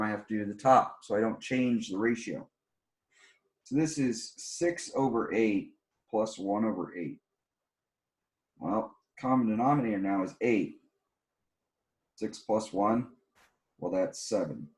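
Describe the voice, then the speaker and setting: A tired, yawning math teacher with a low-leaning, slightly mellow voice records a classroom algebra lesson. He walks through problems step by step in a plainspoken way, repeating the key rules with emphasis.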